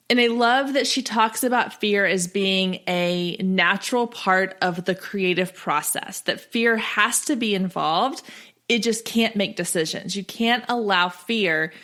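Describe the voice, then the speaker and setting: Young adult woman, podcast host, friendly and direct, mid-range pitch, solo advice talk. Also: fairly bright tone.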